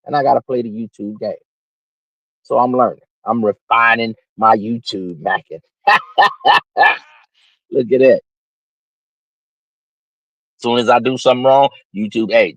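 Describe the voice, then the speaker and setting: A man's voice: mid-range voice, measured pace, pauses often, no echo, lo-fi sound. A man with a slightly nasal voice, hosting a livestream and ranting unscripted in a brash, preachy way. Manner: brash, preachy, swings from loud to muttered asides. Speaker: livestream host.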